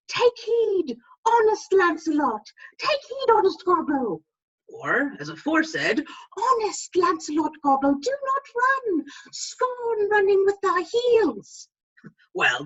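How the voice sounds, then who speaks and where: A woman reading a cheeky, restless young male servant clown in an amateur play reading, comic and jumping into squeaky voices. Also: pushed and bright, slightly rough, full character voice. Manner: comic, switching into squeaky voices for inner quarrels. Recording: muffled lo-fi audio.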